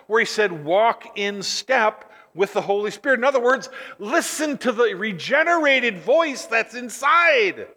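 A man preaching a sermon as pastor, swinging from near-shouts to hushed, quiet lines. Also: very high voice. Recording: long hall reverb.

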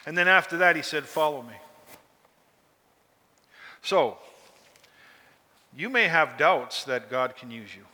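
Folksy pastor with a bright voice. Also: male voice, a little high, takes it slowly, long pauses, long reverb tail. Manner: conversational, folksy, asks the listeners questions. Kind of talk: sermon.

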